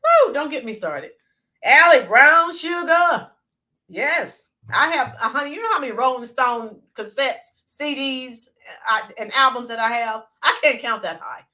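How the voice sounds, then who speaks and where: Her voice is high with lively intonation and a sharp tone, and she speaks a little slowly. Hosting a casual livestream, she chats with viewers, greets them by name, reads out their names and breaks into bits of song.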